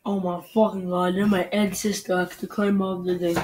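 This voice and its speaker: A teenage gamer giving live gameplay commentary, frustrated, swearing and breaking into loud outbursts. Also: medium pitch, flat delivery, normal speed, slight background noise. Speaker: gamer recording a video.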